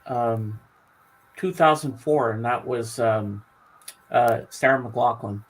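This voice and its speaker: A man's voice: mid-range voice, slow pace, poor audio. A man on a video call with a headset, chatting casually and acting out the people in his stories. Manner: animated storyteller who acts out quoted speech.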